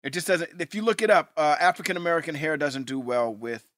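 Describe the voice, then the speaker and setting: Bright-voiced man co-hosting a podcast. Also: fairly high pitch, quick pace, no room sound, clean studio sound. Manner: animated, laughs often, rewatch commentary. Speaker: podcast co-host. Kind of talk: casual chat.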